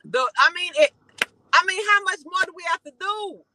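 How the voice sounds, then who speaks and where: A woman's voice: very high-pitched, expressive, normal speed, slight background noise, low-quality recording. Heated Chicago woman ranting. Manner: emphatic, heated, rising to shouts when indignant. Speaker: channel host giving commentary. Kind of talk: commentary rant to viewers.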